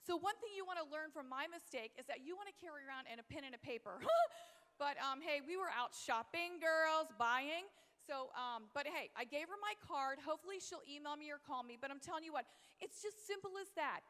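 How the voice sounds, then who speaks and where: A woman giving an energetic, enthusiastic motivational speech on stage, repeating her catchphrases. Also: high-pitched, a little fast. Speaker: motivational business speaker. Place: large convention hall. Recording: long reverb of a big hall. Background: hall reverb.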